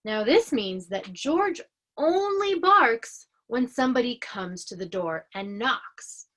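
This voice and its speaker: A woman educator giving an explanatory lesson in a slow, deliberate, clearly paced way. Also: fairly high pitch, expressive, a bit bright.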